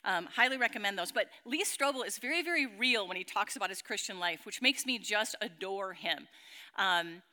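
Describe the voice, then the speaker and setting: A woman giving a casual, animated sermon talk, telling a story and acting out the people in it with many fillers. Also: medium pitch, moderate pace. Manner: animated storyteller who acts out quotes, with fillers. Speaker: speaker teaching a faith group.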